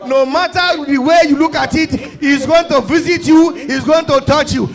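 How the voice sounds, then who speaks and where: A man with a Nigerian accent leading a fervent prayer sermon, often shouting and repeating his calls to the congregation. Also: very high-pitched, moderate pace, soft background music. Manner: impassioned, often shouting, repetitive exhortations. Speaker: pastor. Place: church service.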